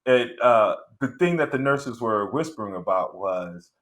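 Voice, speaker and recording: A man's voice: on the low side, animated, fairly bright tone, a little hiss or hum. Rambling middle-aged comedian man. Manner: rambling, halting, full of fillers and restarts. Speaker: stand-up comedian. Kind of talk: stand-up storytelling.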